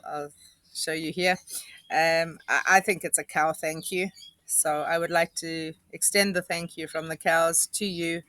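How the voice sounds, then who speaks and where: A woman earnestly thanking supporters, halting and restarting as she speaks. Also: low voice, fairly bright tone, no echo. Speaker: animal rescue volunteer. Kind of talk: thank-you message to supporters.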